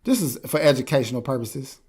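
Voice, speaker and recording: A man's voice: medium pitch, fast, slightly rough. A man co-hosting a podcast in casual chat, ranting bluntly and swearing freely. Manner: animated, profane, blunt ranting. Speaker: podcast co-host.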